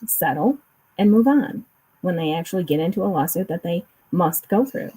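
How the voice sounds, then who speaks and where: A woman with a lower, husky voice talks casually over a remote call. Her tone is mellow and soft-edged. She explains finance at length, full of restarts and fillers. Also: expressive, moderate pace, rough recording. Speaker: co-host discussing a court case.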